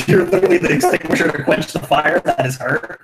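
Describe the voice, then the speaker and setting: A man's voice: high-pitched, huge pitch swings, gravelly, a crowd in the background, low-quality recording. A man, the game master, chatting casually about a tabletop campaign, laughing often and swearing freely. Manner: laughing often, acting out players in quick quoted voices, swears freely.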